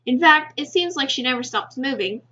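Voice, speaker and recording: A woman reading a visual novel aloud in first-person narration, steady with small stumbles. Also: high-pitched, normal speed, breathy edge. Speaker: game reader. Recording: slightly muffled with faint music.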